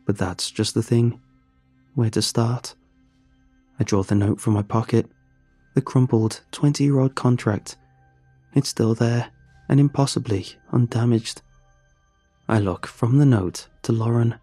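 Male storyteller; dark, husky, earnest first-person narration. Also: medium pitch, a little slow, long pauses, no room sound, soft background music. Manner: earnest and emotional.

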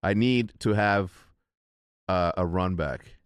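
A man's voice: low-pitched, slow, smooth, dry recording. A man from Illinois co-hosting a casual chat, self-deprecating and full of stammered restarts. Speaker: podcast co-host.

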